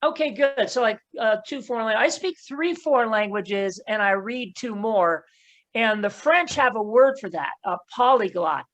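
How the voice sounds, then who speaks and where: A woman's voice: a little high, normal speed, highs cut off. A woman comedian doing a stand-up set over a video call, chatty and laughing at her own jokes.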